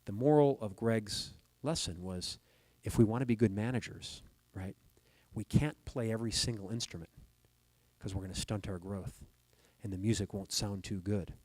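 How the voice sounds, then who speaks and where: Male keynote speaker, lower register, dry close stage mic, storytelling and engaging the room. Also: normal speed, darkish tone, dry recording, low-quality recording. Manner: storytelling, addresses the audience directly. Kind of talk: motivational keynote speech. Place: conference hall stage.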